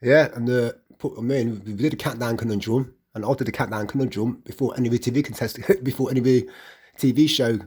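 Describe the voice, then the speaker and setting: Middle-aged West Midlands man, husky voice, rambling personal account with stammered restarts. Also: medium pitch, quick pace, a little mellow. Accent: West Midlands English. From England. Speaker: vlogger.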